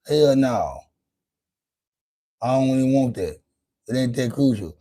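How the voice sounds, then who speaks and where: A man's voice: medium pitch, expressive, unhurried, dark tone. A man hosting his own livestream, talking loosely and profanely to his chat, rambling with lots of restarts. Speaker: livestream host. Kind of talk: casual livestream monologue.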